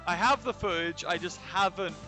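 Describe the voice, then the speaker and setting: Still recovering from illness, a man streams a zoo-building game and chats with his viewers, responding to their messages as he plays. He speaks at a moderate pace in a high, pushed, bright voice over soft background music.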